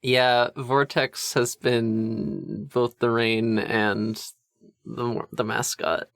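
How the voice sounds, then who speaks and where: A man's voice: medium pitch, level tone, very slow, gravelly, fairly bright tone, no echo, clean studio sound. A man co-hosting a podcast in casual chat, musing and rambling, swearing casually. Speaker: podcast co-host. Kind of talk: casual chat about tabletop games.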